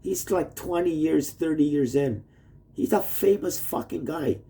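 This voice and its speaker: A man with a slightly high, mellow voice and vocal fry speaks animatedly but a little slowly. Vlogging from indoors in a shared home with sleeping roommates, he sends his wife a rambling, cursing message that leaps between topics.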